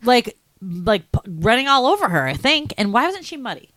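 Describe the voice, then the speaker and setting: A woman's voice: a little high, normal speed, no room sound. A woman co-hosting a casual podcast, making wry jokes about a movie. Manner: wry, lively, jokey asides. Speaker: podcast co-host. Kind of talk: casual movie recap chat.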